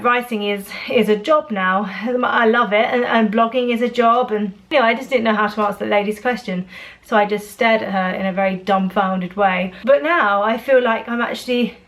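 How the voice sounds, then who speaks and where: A woman's voice: fairly high pitch, normal speed. Woman in her 30s rambling to her camera at home, lots of uh and um. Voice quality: chatty, rambling with fillers and restarts. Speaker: vlogger. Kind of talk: casual talking-to-camera vlog.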